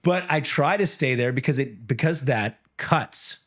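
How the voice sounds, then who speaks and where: A middle-aged man, an MMA coach and former comedian, chatting on a podcast, telling animated stories and breaking into loud, high quoted voices. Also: unhurried. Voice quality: often breaks off and restarts sentences. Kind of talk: casual podcast chat.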